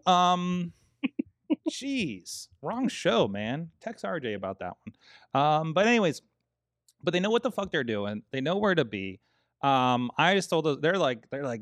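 Fairly high-pitched and a bit bright, this podcast co-host speaks at a normal speed with a sing-song lilt. He rambles casually, restarting often, using many fillers and swearing a lot, in studio-quality audio without echo.

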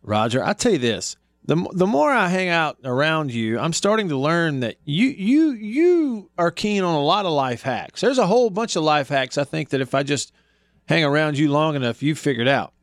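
A man's voice: on the high side, sing-song, moderate pace, no room sound, clean studio sound. A man with a Southern US accent hosting a radio show, chatting casually, laughing easily and rambling through stories. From American South. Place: radio studio.

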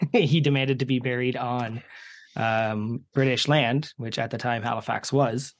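A man with a Canadian accent, a podcast host who shares trivia in relaxed casual chat. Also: mid-range voice, a little slow.

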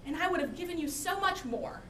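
Woman preacher doing a steady stern prophet, no drama, roomy church sound. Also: sits high, normal speed, distant mic, a little hiss or hum. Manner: emphatic, unemotional. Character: calm, emphatic prophet confronting a king, man.

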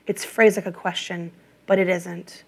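A woman reading an audiobook in a measured, even narration. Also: fairly low pitch, creaky.

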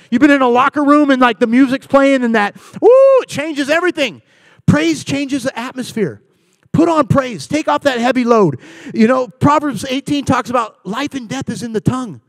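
A man in his forties preaches with a high, bright-pitched voice that is recorded dry and close, with little room sound. He acts out voices in his stories, swinging from playful to hushed and earnest. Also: brisk, no echo. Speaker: pastor. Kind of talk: sermon. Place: church.

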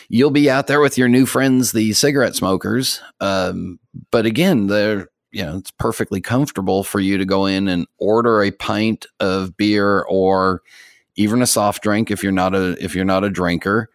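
An American man hosting a podcast, chatting in a relaxed, rambling way with fillers and soft laughs. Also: low-pitched, no room sound, studio quality. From United States. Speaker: podcast host. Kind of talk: casual chat.

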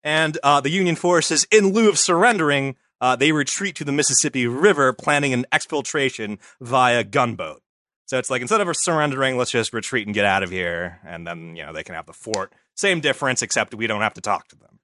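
A man narrates history on a comedy podcast with a bright, forward voice. The sound is dry and close. He keeps it loose and joking, full of fillers and asides. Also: mid-range voice, lively intonation, fairly quick, dry recording. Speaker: podcast host telling the history.

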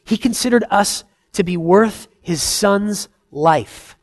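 A man in his thirties preaching a sermon, earnest and conversational, swinging between loud emphasis and soft, quiet asides. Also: high voice, slow pace. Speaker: pastor.

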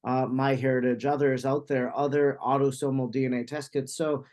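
A man's voice: medium pitch, little pitch movement, normal speed, darkish tone. A man hosting an interview, asking long, winding questions with restarts. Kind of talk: conversational podcast interview.

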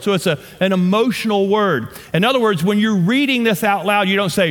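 High-voiced Southern preacher in his fifties. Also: brisk, few pauses, a bit bright, big-room sound. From North Louisiana, USA. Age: 50s. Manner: impassioned, emphatic preaching with humorous asides. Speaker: pastor. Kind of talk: sermon.

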